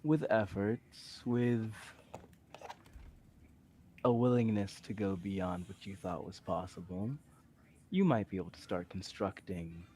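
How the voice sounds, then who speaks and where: Casting: male game master, low voice, slow and measured, faint background hiss. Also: darkish tone. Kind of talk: narrating a tabletop game.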